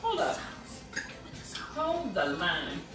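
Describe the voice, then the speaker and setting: A woman's voice: fairly low pitch, wildly swooping pitch, drawn-out words, a bit bright. A woman tasting food as a guest in a casual chat, emphatic, often saying she has something to tell you. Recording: roomy, from far off the mic.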